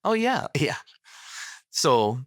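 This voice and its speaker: A man's voice: fairly high pitch, very slow, dry recording, studio quality. A middle-aged man, a podcast guest, telling a personal story casually and acting out the dialogue. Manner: animated storyteller, acts out quoted dialogue.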